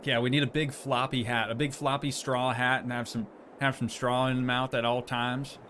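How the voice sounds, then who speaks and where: A man's voice: mid-range voice, flat delivery, normal speed, a bit bright, slight background noise. Chatty man streaming a farming game. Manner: chatty, joking, reads and answers chat messages. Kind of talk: casual live-stream chat while playing.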